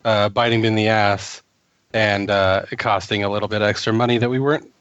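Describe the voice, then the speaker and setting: A man's voice: on the low side, steady tone, a little fast, fairly bright tone, smooth, no echo. A man with a stuffy, congested voice from a cold, chatting on a gaming podcast. He tells crude, joking stories in a dry, close sound. The audio is dull and lo-fi. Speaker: podcast co-host, tattoo artist. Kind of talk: casual podcast chat.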